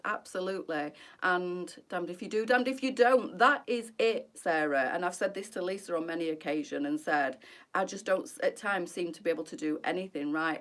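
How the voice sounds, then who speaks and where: A middle-aged woman with a fairly low voice talks openly to her viewers on a live stream. She is candid and emotional, answering comments one by one in a chatty, heartfelt way. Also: a bit bright. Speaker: boutique presenter on a live stream.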